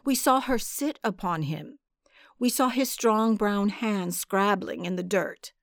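Slow, measured woman narrator. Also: mid-range voice, no echo, studio quality. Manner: measured, dramatic storytelling. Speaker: audiobook narrator. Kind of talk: scripted narration.

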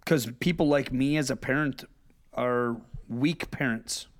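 A middle-aged man talking bluntly in a casual chat, telling stories with swearing and quick impressions of other people. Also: medium pitch. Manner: blunt, profane storytelling with lively impressions.

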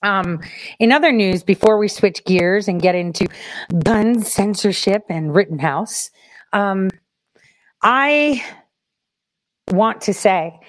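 A woman's voice: mid-range voice, no echo, rough recording. Chatty woman hosting a livestream. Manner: chatty, addresses viewers directly. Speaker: host. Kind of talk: casual livestream commentary.

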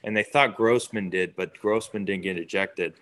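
A young man with a fairly low voice tells stories in a loose, chatty way. He jumps into other people's lines as he recounts them, keeping the pace lively and conversational. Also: normal speed. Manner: animated, acts out quotes of others. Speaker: baseball player guest. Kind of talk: casual storytelling interview.

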